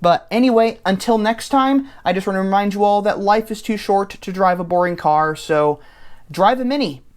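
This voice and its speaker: A man's voice: high voice, normal speed, smooth. A man, the channel's host, casually thinking aloud as he talks through building a car online in an easygoing voice-over.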